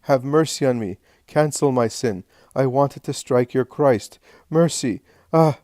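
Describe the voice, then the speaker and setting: A man's voice: fairly low pitch, normal speed, warm tone, dry recording, clean studio sound, natural voice. Man doing a terrified, pleading penitent. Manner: frantic, pleading, sobbing cries. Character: terrified repentant man, would-be assassin.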